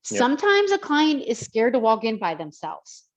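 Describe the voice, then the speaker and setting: A woman's voice: on the high side, sing-song, moderate pace. Emphatic woman trainer, heartfelt. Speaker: personal trainer. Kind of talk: podcast conversation.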